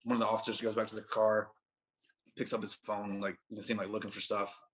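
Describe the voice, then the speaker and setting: A man's voice: on the low side, flat delivery, quick pace, fairly bright tone. Young man, podcast guest, casual storytelling, laid-back, rambling, lots of filler words. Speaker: podcast guest, baseball pitcher.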